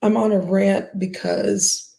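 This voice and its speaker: A woman's voice: medium pitch, little pitch movement, slow pace, vocal fry, warm tone. A woman hosting a livestream, ranting bluntly and profanely at her viewers with scoffs and sighs. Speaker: livestream host.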